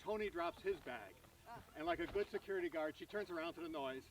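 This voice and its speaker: Man telling a lively story from afar. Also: a little high, a little fast. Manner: animated anecdote, acting out voices. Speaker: speaker giving a tribute. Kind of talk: storytelling at an outdoor gathering. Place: outdoors at a hill gathering. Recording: voice from far off the mic.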